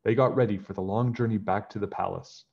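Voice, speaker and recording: A man reading a children's storybook aloud, narrating in a lively way and switching into character voices. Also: lowish voice, brisk, creaky, breathy edge, dull audio. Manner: lively, raises his voice for characters and drops it for narration. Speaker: children's book reader.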